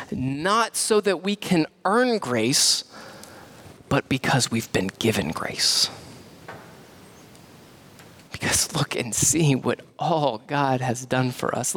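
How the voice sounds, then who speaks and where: A man, preaching a sermon as pastor, animated and repeating key phrases for emphasis. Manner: animated, swings to high mimicking voices for quoted people.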